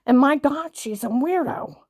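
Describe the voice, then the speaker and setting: Style: indignant rambling monologue. Sex: woman. Pitch: mid. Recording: dry. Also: lively intonation, normal speed, a little mellow, no echo.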